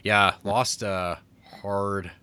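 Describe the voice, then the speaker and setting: A man's voice: fairly low pitch, little pitch movement, drawn-out words, bright, forceful tone, smooth. A man co-hosting a podcast in casual chat, sardonic and laughing often. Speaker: podcast co-host.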